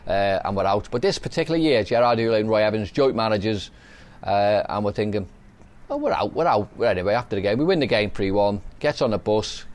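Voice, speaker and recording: A man's voice: lowish voice, darkish tone. A middle-aged man, telling anecdotes on a casual podcast and laughing as he goes. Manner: chatty, anecdotal, laughs while telling stories. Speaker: podcast host, former footballer. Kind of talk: casual storytelling chat.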